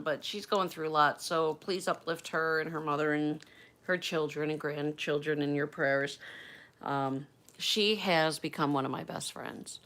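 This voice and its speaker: A woman livestreaming from home, chatting warmly with viewers by name and getting choked up at times, now and then moving away from the mic. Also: sits low. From United States. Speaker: livestream host. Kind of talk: casual livestream chat. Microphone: webcam or phone mic, moves off camera.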